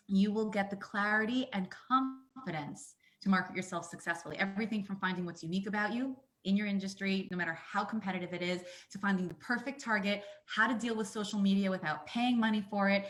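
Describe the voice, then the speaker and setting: An energetic woman guest on a talk show, speaking at a middle pitch. She tells stories with animated emphasis and keeps pressing her points with lively conviction. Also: fairly quick. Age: adult, mother of young children. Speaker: guest, coach.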